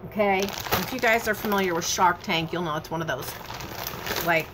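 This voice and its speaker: A woman hosting a casual home vlog, chatting in an animated, talkative way. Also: lowish voice, moderate pace, noisy background. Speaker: vlogger host.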